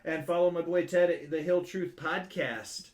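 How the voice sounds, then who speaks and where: A man hosting a wrestling podcast, joking and rattling off shout-outs. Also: fairly high pitch, fairly even intonation. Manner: joking, rapid shout-out lists. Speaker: podcast host. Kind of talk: casual podcast chat.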